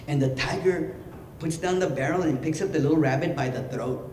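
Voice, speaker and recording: Male comedian-clown, lively joke delivery; roomy hall with background noise. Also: fairly high pitch, fairly quick. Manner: animated, laughs at own jokes. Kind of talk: stand-up joke telling. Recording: echoey hall with ambient noise.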